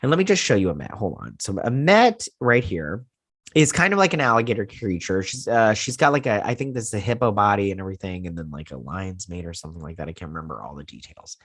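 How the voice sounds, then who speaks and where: A man hosting a casual episode recap and review, rambling through it in an animated way and leaning on "he's like" retellings. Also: lowish voice, fast talker, breathy edge, dry recording, clean studio sound. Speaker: host.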